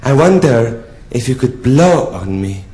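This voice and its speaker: A drag performer voicing an elderly French count who speaks in a slow, flowery French accent. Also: male voice, mid-range voice, sing-song, warm tone. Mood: swooning. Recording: echoey theatre with audience ambience.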